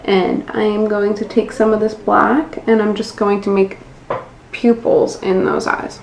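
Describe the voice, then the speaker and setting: A woman's voice: medium pitch, flat delivery, unhurried, vocal fry. An American woman in her twenties narrating a casual nail art tutorial, self-deprecating and swearing casually. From United States. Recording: echoey room, faint background noise.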